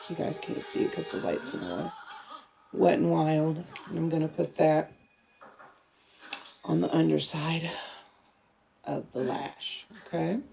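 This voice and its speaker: Low gravelly woman chatting through makeup. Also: measured pace, pauses often, highs cut off, a little hiss or hum. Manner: relaxed, chatty, talks while working, drifts off to a TV. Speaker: beauty vlogger. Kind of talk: casual makeup tutorial chat.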